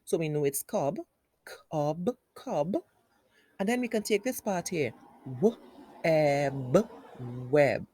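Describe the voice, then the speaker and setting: A woman's voice: lowish voice, expressive, a little slow, pauses often, warm tone, no echo. A woman teaching phonics to young children, patiently repeating sounds and words and asking the child questions.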